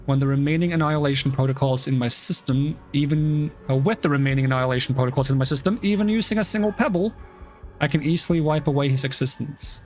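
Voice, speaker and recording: A man voicing a calm male combat robot that speaks in clipped system terms. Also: fairly high pitch, fast talker, soft background music, natural voice. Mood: cold.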